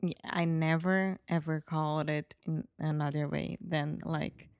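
Portuguese lady talking slow, lots of fry in her voice, casual podcast. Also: sits low, steady tone, darkish tone, dry recording, studio quality. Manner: slow, laughs easily, hesitant. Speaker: podcast co-host. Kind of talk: casual conversational chat.

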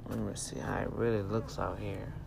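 Man vlogger, gravelly voice, preachy and emphatic, addressing viewers, slight background hiss. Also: on the low side, little pitch movement, normal speed. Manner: emphatic, sermon-like exhortation; talks directly to viewers, folksy. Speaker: vlogger and self-publisher. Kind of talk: casual preachy rant to camera.

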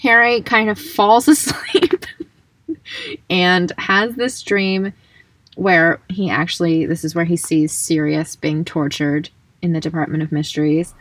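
Lower-voiced woman podcast co-host. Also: steady tone, measured pace, fairly bright tone, no room sound. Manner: chatty, laughs easily, many likes. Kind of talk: casual book-club chat.

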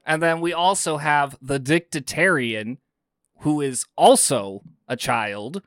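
A man's voice: on the high side, slow, a bit bright, no room sound, studio quality. Man playing an indignant, rambling sailor. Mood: exasperated. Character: earnest, grumbling male sailor with a conscience. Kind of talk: in-character tabletop play.

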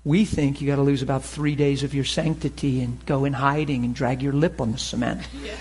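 A man's voice: mid-range voice, flat delivery, a little fast, darkish tone, breathy edge. A middle-aged man preaching a sermon in a conversational way, acting out little dialogues and laughing often.

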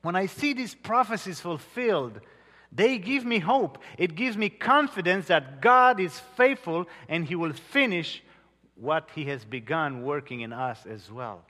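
A male pastor delivers a sermon slowly, with earnest storytelling and dramatic pauses. His voice is bright and slightly high for a man. It rings out in a large hall with a long reverb. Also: lively intonation.

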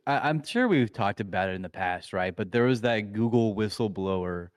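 A man's voice: lowish voice, lively intonation, moderate pace, no echo, studio quality. A man co-hosting a podcast in casual, profane, joking chat, often restarting his sentences. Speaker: podcast co-host.

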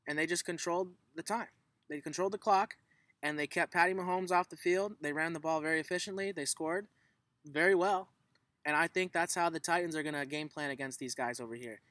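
A man's voice: a little high, sharp tone, dry recording, rough recording. A man co-hosting a casual sports talk show, telling stories with plenty of swearing. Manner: profane, storytelling, emphatic. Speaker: podcast co-host.

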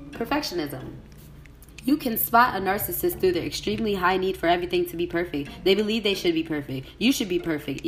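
A young woman hosting a podcast, reading an article aloud and breaking into a profane, emotional rant that climbs to furious shouting. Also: medium pitch, roomy sound. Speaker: podcast host.

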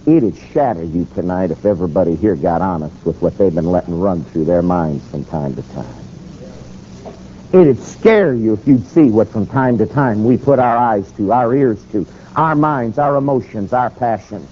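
A man preaching a sermon, telling a story and quoting scripture, with sharp rises and drops. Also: on the low side, expressive, moderate pace, muffled recording, a little hiss or hum.

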